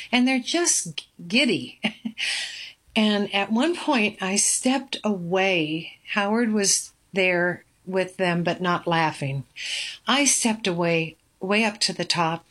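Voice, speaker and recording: An older woman, a grandmother, telling a personal story in a halting, emotional way as an interview guest. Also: fairly low pitch, a bit bright.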